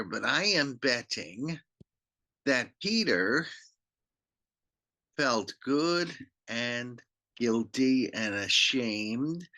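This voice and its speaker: A man, a pastor, telling a Bible story to children in an animated way, acting out the characters. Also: mid-range voice. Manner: animated, slow, acts out the characters.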